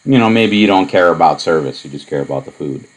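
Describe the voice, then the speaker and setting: A man lecturing on propositional logic, explaining in a relaxed, wandering way with many asides and fillers. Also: sits low, quick pace, rough recording. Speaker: math lecturer. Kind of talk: recorded lecture.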